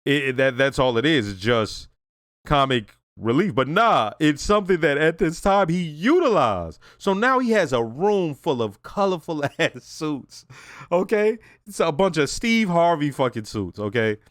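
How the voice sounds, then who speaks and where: A man's voice: a little high, expressive, measured pace, a bit bright, no echo, studio quality. A man hosting a reaction video, casually reviewing a TV episode in a loose, profane, conversational way.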